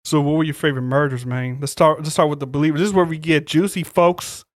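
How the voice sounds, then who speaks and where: A man's voice: on the high side, steady tone, no room sound, studio quality. A man co-hosting a podcast, recapping a film in loose, profane casual chat. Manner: loose, profane movie recap with quick quoted voices. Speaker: podcast co-host.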